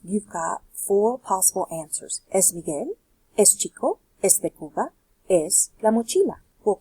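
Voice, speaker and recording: A woman's voice: mid-range voice, mellow, husky, no room sound, rough recording. A woman teaching Spanish, explaining a worksheet step by step and asking rhetorical questions. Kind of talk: recorded worksheet lesson.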